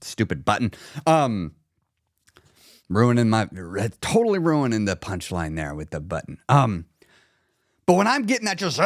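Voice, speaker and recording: A man coaching on a live stream in a casual teaching style, animated, often laughing and acting out little voices. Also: mid-range voice, no room sound, studio quality.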